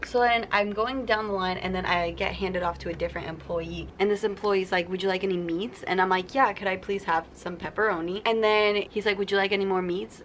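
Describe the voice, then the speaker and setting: A woman's voice: mid-range voice, slight background noise. A young adult woman vlogging casually to camera, telling stories and acting out the people in them. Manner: chatty storytelling, acts out quoted people. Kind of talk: casual sit-down vlog.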